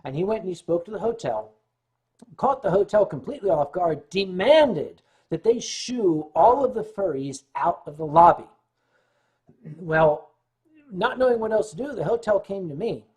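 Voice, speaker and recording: A man hosting a relaxed livestream spins a rambling anecdote, pausing often to clear his throat. His voice is husky and a little rough around the edges. He sounds slightly tipsy and fully at ease. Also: high voice. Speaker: livestream host. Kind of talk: storytelling on a casual livestream.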